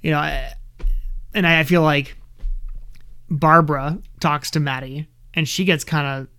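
Podcast guy with a smooth clean voice, earnest opinions, lots of you knows. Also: on the high side, fairly even intonation, unhurried, bright, forceful tone. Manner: opinionated, earnest, with frequent fillers. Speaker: podcast co-host. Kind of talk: casual recap chat.

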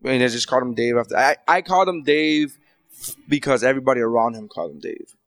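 Male comedian host, rapid casual storyteller, profane, dry close mic. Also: mid-range voice, dry recording. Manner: profane storytelling with many restarts. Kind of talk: casual podcast chat.

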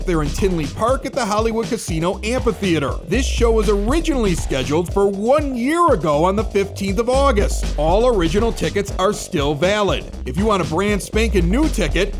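Lively high-voiced man. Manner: reads event listings, then reacts with quick interjections. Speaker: podcast co-host. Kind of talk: casual chat and event announcements.

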